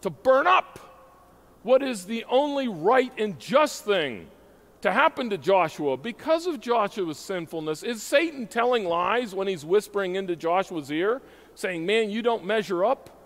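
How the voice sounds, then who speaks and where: A man's voice: high voice, sing-song, a little slow, fairly bright tone. A man preaching a sermon, emphatic and asking his listeners questions as he teaches. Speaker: pastor. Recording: hall reverb.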